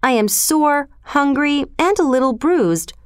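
A woman's voice: high-pitched, animated, unhurried, no room sound, studio quality, voice pushed up. A woman voicing an eager young jungle boy in a storybook reading, in a raised, earnest voice. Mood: pleading.

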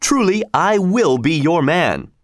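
A man voicing a giant, proud male stranger who talks bluntly and boastfully, slightly higher than his narrating voice. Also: very animated, slow, dry recording, studio quality.

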